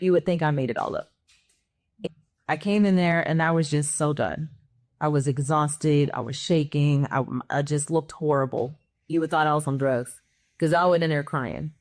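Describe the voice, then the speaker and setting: A woman's voice: low voice, darkish tone, no room sound. A woman guest on a panel, telling a personal story in a candid, emotional, conversational way. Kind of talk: personal testimony in a panel chat.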